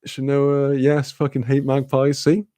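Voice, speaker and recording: A man's voice: mid-range voice, completely flat delivery, a little slow, mellow, dry recording, clean studio sound. A Welsh man streaming a casual chat, laughing often, swearing freely and reading chat messages aloud. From Wales.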